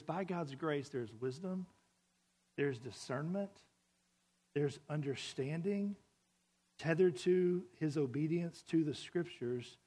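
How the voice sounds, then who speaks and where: Conversational preaching man, slightly high voice. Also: darkish tone. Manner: conversational, asks the congregation questions. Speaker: pastor. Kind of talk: sermon. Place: church sanctuary with congregation.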